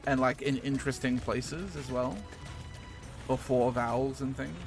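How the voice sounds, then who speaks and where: A man's voice: mid-range voice, steady tone, measured pace. A man with a New Zealand accent chatting casually on a game stream, rambling with fillers and casual swearing. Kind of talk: casual gaming stream chat. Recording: music playing behind the voice.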